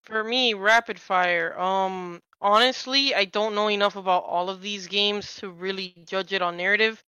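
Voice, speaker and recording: A woman co-hosting a casual video game talk show. She talks enthusiastically, rambles, and throws in quick asides. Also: mid-range voice, steady tone, sharp tone, clean tone, dry recording, dull audio. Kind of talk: casual game-discussion chat.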